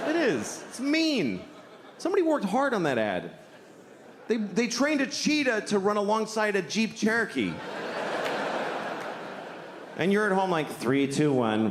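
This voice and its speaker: A man doing a stand-up comedy set, rambling and sardonic, self-deprecating, with frequent restarts. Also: high-pitched. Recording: live hall with audience noise.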